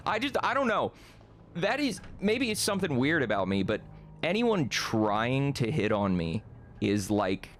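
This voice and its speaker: A man's voice: on the low side, fairly bright tone, slight background noise. A young man chatting casually on a live stream, reading chat, rambling, laughing often and swearing freely.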